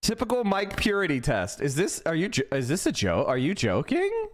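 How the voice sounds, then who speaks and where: Male streamer, high and lively voice, profane heated rant, swings from yelling to muttering. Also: normal speed. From Pennsylvania. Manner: reads news passages aloud and reacts. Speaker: political streamer. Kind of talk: ranting livestream commentary.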